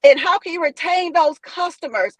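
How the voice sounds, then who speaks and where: A woman's voice: very high voice, lively intonation, moderate pace, a bit bright, dry recording, low-quality recording. A middle-aged woman, a former cosmetologist, talking earnestly and steadily in a casual discussion, often with "you know".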